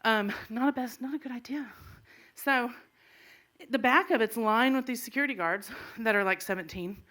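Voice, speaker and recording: Bright-voiced woman telling a comic story. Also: a little high, normal speed. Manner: animated, laughing as she tells it. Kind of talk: live comedic storytelling. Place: live stage before an audience.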